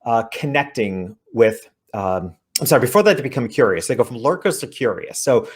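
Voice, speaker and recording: A man's voice: mid-range voice, expressive, a little fast, slightly rough. A man, an author guesting on an interview show, talking earnestly as he explains his ideas. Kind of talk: interview conversation.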